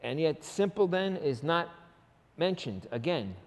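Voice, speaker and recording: A man preaches in an earnest, conversational way, pleading with his listeners and breaking into asides. His voice sits a little higher than most men's. It rings out through a large reverberant hall. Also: very animated, measured pace. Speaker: pastor. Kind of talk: sermon.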